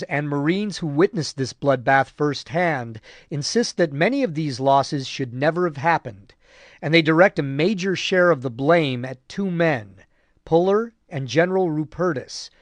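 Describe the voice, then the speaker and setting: A man narrating a war history audiobook in a measured, grave way. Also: on the high side, dry recording. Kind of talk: scripted narration.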